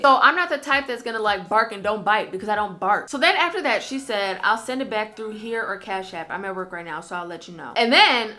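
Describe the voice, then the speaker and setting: Woman, 20s, vlogger. Bright, candid, profane storytime delivery. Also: a little high. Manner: candid, heavy swearing, animated slang. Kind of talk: storytime vlog, casual chat.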